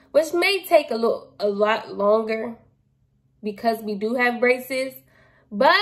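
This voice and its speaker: A young adult woman vlogger casually reviewing products in a playful, chatty, slangy way, laughing at herself. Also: on the high side. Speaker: beauty vlogger.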